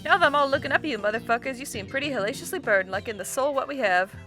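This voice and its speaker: Brief: woman doing a spaced-out male troll clown, slangy rambling drawl, bright and a little high. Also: expressive, rapid-fire, faint music behind. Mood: dopey friendly. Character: drug-addled laid-back male troll clown.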